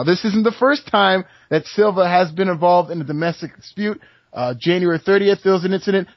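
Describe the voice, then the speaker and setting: A man's voice: on the high side, no echo. A man co-hosting a sports podcast, recapping a news story casually and trading banter. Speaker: podcast co-host. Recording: dry, dull lo-fi podcast audio.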